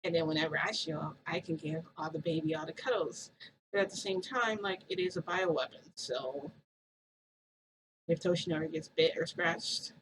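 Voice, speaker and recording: A woman vlogger with a low voice tells her viewers a rambling story at normal speed, peppering it with "like" and side remarks. It's a chatty, meandering retelling, set against a noisy background.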